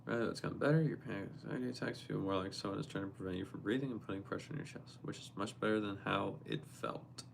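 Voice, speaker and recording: A young man hosting a casual livestream, reading viewer messages aloud and reacting to them in a quick, playful way. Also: on the low side, vocal fry, a little hiss or hum. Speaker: livestream host. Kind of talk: casual live-stream chat.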